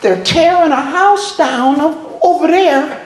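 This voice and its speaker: An older man voicing an excited little boy of about ten who talks high and eager while telling a story to a crowd. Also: slow pace, echoey room, slight background noise.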